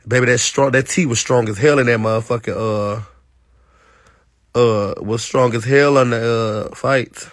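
A man hosting a casual live stream. He talks in a sassy, animated way to his viewers, laughs often, and speaks into a phone mic. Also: medium pitch, moderate pace, dry recording. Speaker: livestream host.

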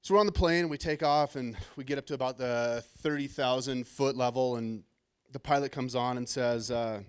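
A middle-aged man from Southern California gives his first conference keynote on a stage microphone, telling stories in a casual, self-deprecating, slightly nervous way. His voice is medium-pitched, clear and resonant, with fairly even intonation at a moderate pace.

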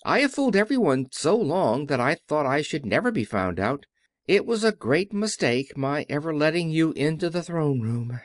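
A man's voice: a little high, big pitch swings, normal speed, dry recording, clean studio sound, voice pushed up. Brief: timid old humbug, meek and shaky, as a male narrator puts him on. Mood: confiding. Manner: trembling, meek, pleading. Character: timid little old man, a fake wizard, meek and pleading.

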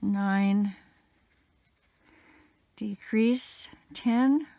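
Lady counting her crochet stitches real slow, bit crackly, dry close mic. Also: mid-range voice, creaky, warm tone, no room sound. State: slightly crackly voice. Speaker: crochet instructor.

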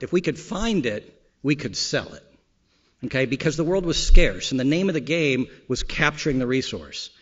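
Relaxed keynote speaker, lo-fi. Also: male voice, fairly high pitch. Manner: relaxed, joking, frequent fillers. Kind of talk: conference keynote talk. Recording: slightly dull, lo-fi sound.

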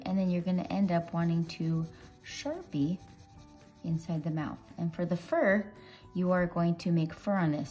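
A low, mellow-voiced woman walks kids through a drawing step by step. She talks in a chatty, playful way as she works. The sound is dull and lo-fi, with faint music behind her. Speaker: drawing teacher. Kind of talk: casual drawing tutorial for kids.

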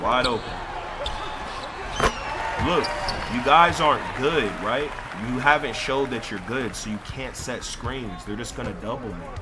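A man's voice: medium pitch, a little slow, over a noisy crowd, heavy background noise. A man in live game voice chat, trash-talking and bossing his teammates around. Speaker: gamer streamer.

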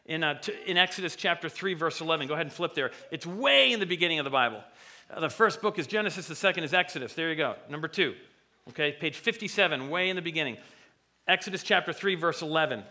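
A man's voice: fairly high pitch, expressive, fairly quick, bright, forceful tone. A man preaching a sermon in church, talking conversationally and acting out voices from the stories he tells. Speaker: pastor. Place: church sanctuary.

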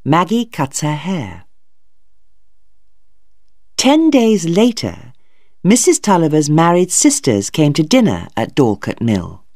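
A narrator reading a graded storybook for English learners in a clear, deliberate, expressive way. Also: mid-range voice, no room sound, clean studio sound.

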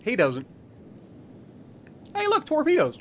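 A man's voice: extremely high pitch, wildly swooping pitch, slow. A man giving casual, sarcastic commentary over his own gameplay, chatting and teasing opponents as he explains his moves. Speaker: gaming YouTuber.

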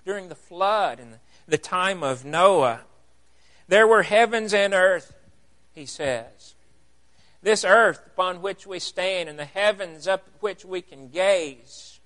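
A man preaching in church, his voice sitting high for a man. He takes his time, leaning hard on key words and putting questions to the congregation as he teaches. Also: a bit bright. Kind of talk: sermon.

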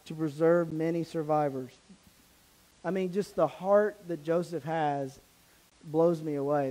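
A man's voice: high-pitched, darkish tone, poor audio. A man, a pastor, preaching a sermon, reading scripture aloud and then commenting on it in a casual, conversational way. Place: church sanctuary.

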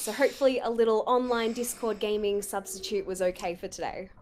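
A woman guest chatting about games over an online call, her voice a little hoarse, talking in a hesitant way with many fillers. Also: medium pitch, fairly quick, slight background noise. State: losing her voice. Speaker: guest gamer. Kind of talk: casual chat.

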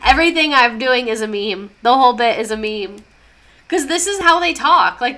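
A woman's voice: fairly high pitch, animated, moderate pace, bright, forceful tone. A young woman streaming a casual history lesson, chatty and sarcastic, reading chat aloud as she goes.

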